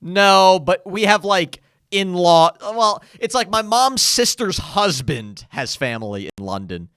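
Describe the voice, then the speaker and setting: A young man co-hosting a podcast, telling a travel story in a casual, animated way and acting out what others said. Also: high-pitched, measured pace, clean tone, no room sound, studio quality. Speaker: podcast co-host.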